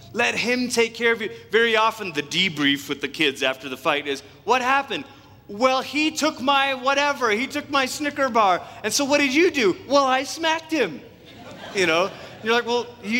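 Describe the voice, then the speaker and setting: A middle-aged man preaching a sermon as pastor, telling stories animatedly and acting out quotes. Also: sits high. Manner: animated storytelling with acted-out quotes and laughs. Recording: long hall reverb.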